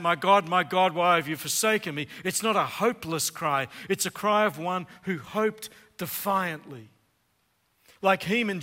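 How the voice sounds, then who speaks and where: A man preaching a sermon, earnest, with dramatic pauses that swing from loud to hushed. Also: high voice. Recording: long hall reverb.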